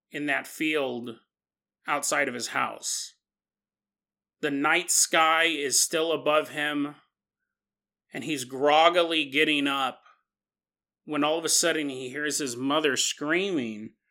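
A man hosting a podcast and telling a paranormal story in a lively, conversational way. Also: on the high side. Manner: animated, conversational retelling. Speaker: podcast host.

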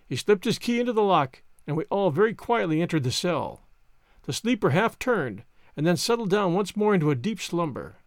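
Man reading a story aloud, lively, high pitched, dry close sound. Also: moderate pace, no room sound. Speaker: audiobook narrator. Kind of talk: scripted story narration.

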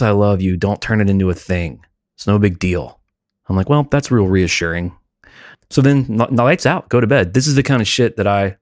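A man's voice: fairly low pitch, dry recording, studio quality. A man in his forties, a podcast co-host, telling candid and emotional stories about his family in casual chat.

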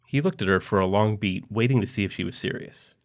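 A man narrating a story in a quiet, even reading voice. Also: lowish voice, quick pace.

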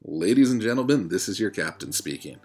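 A formal airline captain giving cabin announcements, put on by a man reading a story aloud. The voice sits deep and low, and faint music plays softly behind it. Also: lively intonation, fairly quick. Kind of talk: audiobook reading.

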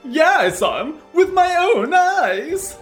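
A terrified, stammering executive who begs in a shrill falsetto, put on by a man. The voice leaps around in pitch as he pleads. Quiet music plays underneath. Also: sing-song, slow, heavily acted. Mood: pleading. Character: panicky cowardly male company executive.

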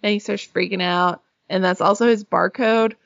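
A woman's voice: medium pitch, steady tone, moderate pace, gravelly, dry recording, muffled recording. A woman retelling a show in a casual, sarcastic chat, laughing and swearing as she goes.

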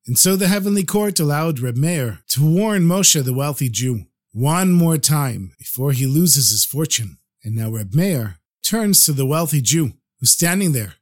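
A male podcast storyteller recounting an old tale. His voice sits slightly high and moves with lively, expressive swings. He narrates warmly paced and vivid, drawing the listener along. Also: measured pace.

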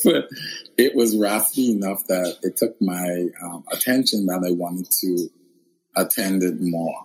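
Interview guest, male, from the Bahamas; deep, husky, expressive storyteller who laughs easily. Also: a little slow, poor audio. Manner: expressive, laughs often, acts out quoted voices.

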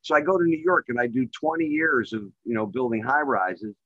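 A man's voice: brisk, no room sound, dull audio. Rambling middle-aged man on a call. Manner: rambling, heavy on filler phrases; gets excited and louder at high points. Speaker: guest, real estate developer. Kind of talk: casual storytelling on a call. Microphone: remote call microphone.

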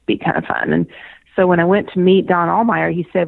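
An older woman talks over a thin, tinny phone line, her voice sitting fairly low for a woman. She tells stories in a chatty, casual way, laughing often and restarting her sentences. The sound is close and dry, with no room around it. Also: steady tone, brisk, creaky, no room sound. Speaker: interview guest, former pageant winner. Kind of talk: casual storytelling interview.

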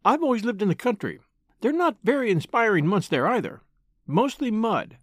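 A man voicing a calm, polite country woman. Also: high-pitched, no echo, studio quality, pitched above the performer's own voice. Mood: friendly. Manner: polite, measured. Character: calm, sensible country woman, a paid companion.

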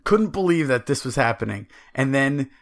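A man co-hosting a sports podcast, telling stories in an excitable, animated way. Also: mid-range voice, moderate pace. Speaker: podcast co-host. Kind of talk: casual sports chat.

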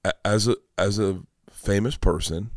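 Animated storytelling man with dry sound. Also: lowish voice, normal speed, no echo. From Florida, United States. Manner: animated, rambling, emotional storytelling with many restarts. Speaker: comedian guest. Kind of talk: casual podcast storytelling.

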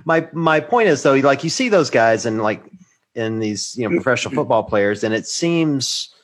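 A man's voice: mid-range voice, animated, normal speed. A middle-aged man hosting a podcast, rambling and reflective, laughing often. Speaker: podcast host. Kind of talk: casual chat.

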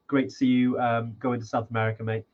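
A man's voice: medium pitch, flat delivery, fast talker, lo-fi sound. A man co-hosting a podcast in casual chat, rambling with lots of restarts and fillers. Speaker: podcast co-host.

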